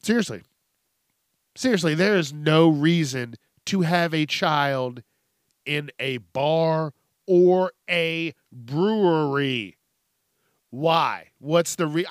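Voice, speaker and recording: A man's voice: a little high, takes it slowly, no room sound. Podcast host, male, profane comic rant, dry close sound. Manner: profane, animated, acts out voices. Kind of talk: casual comedic rant.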